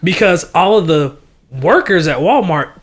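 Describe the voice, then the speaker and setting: A young man, a podcast guest telling an animated, slangy story and laughing often. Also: a little high, unhurried. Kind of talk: casual chat.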